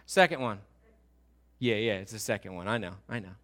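Bright-voiced male pastor preaching. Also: on the low side, animated, brisk. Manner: conversational, emphatic, asks the audience questions. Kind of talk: sermon.

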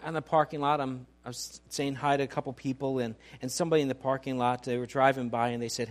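A man's voice: medium pitch, steady tone, quick pace, few pauses. A middle-aged male pastor giving a conversational sermon, often restarting his sentences and poking fun at himself. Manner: conversational, self-deprecating preaching with many restarts.

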